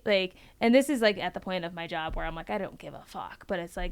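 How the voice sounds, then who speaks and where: A woman's voice: medium pitch, animated, fast talker, hardly any pauses. A young woman talking bluntly and emphatically on a casual podcast panel, swearing freely.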